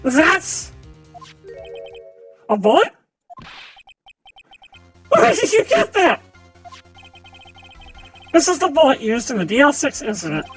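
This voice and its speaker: A woman's voice: sits high, wildly swooping pitch, slow pace, pauses often, faint music behind. Woman dramatically reading a game aloud. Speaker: streamer reading a visual novel aloud. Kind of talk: live-streamed game reading with character voices.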